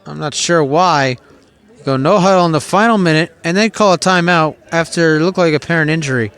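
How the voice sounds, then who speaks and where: A man's voice: on the high side, brisk, a bit bright, smooth. A man calling a live football game play by play, chatty and openly puzzled by the coaching decisions. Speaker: play-by-play announcer.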